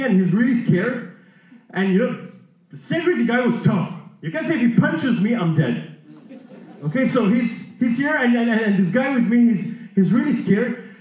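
Male preacher, high voice, animated storyteller; recorded from a distance in a roomy hall. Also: moderate pace. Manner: animated, lively storytelling with frequent restarts and repeated words. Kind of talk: sermon storytelling to a congregation. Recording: echoey hall, voice from far off.

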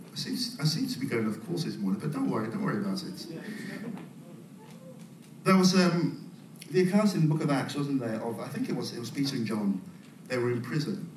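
A man preaching a sermon, calling out to the congregation and swinging between loud, rising passages and soft, quiet ones. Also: mid-range voice, very animated, normal speed, pauses often, slight background noise. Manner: call-and-response preaching, swelling loud then dropping soft. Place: church. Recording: echoey church hall, mic at a distance.

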